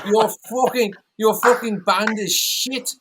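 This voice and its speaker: A man's voice: high voice, steady tone, takes it slowly, noisy background, pitched above the performer's own voice. A man doing a sneering rock star. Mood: scornful. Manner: sneering, swearing bluntly. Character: brash, foul-mouthed male British rock star.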